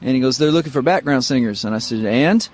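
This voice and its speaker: A middle-aged man from Missouri, a guitarist guest, telling relaxed, rambling stories full of fillers in an interview. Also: medium pitch, quick pace, a little hiss or hum. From Missouri, United States. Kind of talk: casual interview storytelling. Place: radio studio.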